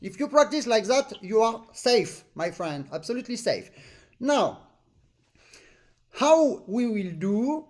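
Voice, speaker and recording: A man with a notably high voice leads an online accordion master class. He is earnest and demonstrative, and he hammers points home by repeating them. He breaks into sung rhythm syllables to show a phrase. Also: big pitch swings, slow. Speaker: accordion teacher. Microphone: online lesson stream.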